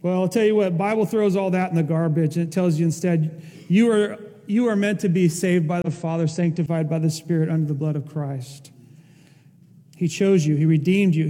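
Male pastor, high warm voice, impassioned sermon delivery, church hall reverb. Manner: impassioned, rising to emphatic peaks.

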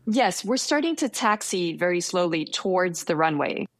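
Young woman guest, gravelly lower voice, close dry sound; hesitant, self-deprecating storyteller. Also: big pitch swings, moderate pace, no echo. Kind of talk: casual storytelling interview.

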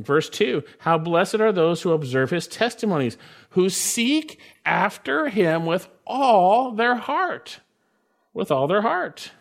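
A man preaching a sermon in a slightly higher voice. He reads scripture aloud and lifts his voice to stress the key phrases. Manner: emphatic, rising on key phrases. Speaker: pastor.

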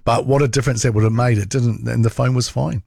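A man's voice: mid-range voice, steady tone, quick pace, vocal fry, a little mellow, husky, no room sound, studio quality. A New man hosting a casual radio chat, responding with short reactions and chatty stories. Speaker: radio host.

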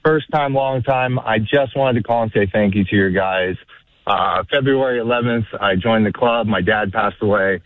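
A man's voice: fairly low pitch, normal speed, no room sound. A man calls into a radio show, speaking earnestly and plainly. His voice comes through a thin, tinny phone line. The sound is dry and close. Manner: earnest, sincere. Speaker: caller. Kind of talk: call-in radio chat.

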